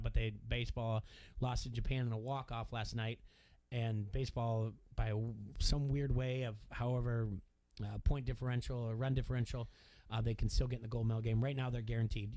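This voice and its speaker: A middle-aged man co-hosting a sports radio show, talking in a rambling, animated way with many restarts. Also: mid-range voice. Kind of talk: casual sports talk.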